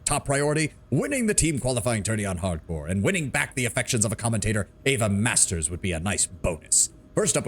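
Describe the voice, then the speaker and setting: A man putting on an over-the-top voice as a brash, boastful male mech pilot and commentator in a video game. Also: on the low side.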